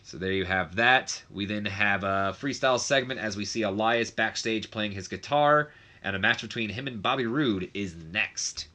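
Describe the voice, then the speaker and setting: Chatty young man with a bright, forceful voice. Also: on the low side. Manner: chatty, frequent fillers and self-corrections; does quick mock voices of others. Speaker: game commentator. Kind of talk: casual game commentary recap.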